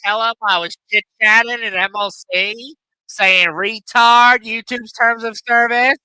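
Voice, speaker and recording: A man putting on a loud, brash male chatter who mocks trolls in a drawn-out, taunting voice. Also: very high-pitched, fairly even intonation, smooth, no echo, pitched above the performer's own voice, heavily acted, low-quality recording. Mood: mocking.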